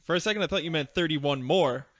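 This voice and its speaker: A man hosts a podcast in relaxed chat. He makes dry, joking remarks. The sound is close and dry, with a dull, lo-fi edge. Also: a little high, fast, no echo. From Canada. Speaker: podcast host. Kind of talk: casual chat.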